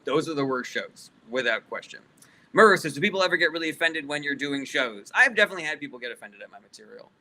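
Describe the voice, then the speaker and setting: A man's voice: a little high, animated, quick pace, bright, forceful tone, poor audio. A male comedian casually answering live chat questions, loose and profane, reading each question aloud before he answers.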